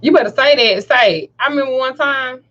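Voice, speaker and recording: A high-voiced woman tells a story full of cursing and laughter, acting out each quote herself. The sound is dull and lo-fi. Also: brisk. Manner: profane, animated storyteller who laughs often and acts out quotes. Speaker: host. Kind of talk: casual storytelling chat.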